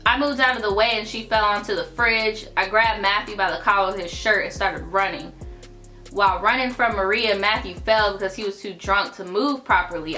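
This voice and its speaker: A woman's voice: mid-range voice, bright, forceful tone. A young woman hosting a storytime channel, reading viewer stories aloud and cutting in with blunt, profane commentary. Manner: sassy, blunt, profane asides.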